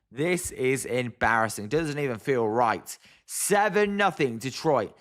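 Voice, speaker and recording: With an expressive, unhurried delivery and a medium-pitched, fairly bright tone, a British streamer commentates a ball game casually for his audience. He reads their comments aloud and answers in an exasperated, chatty manner.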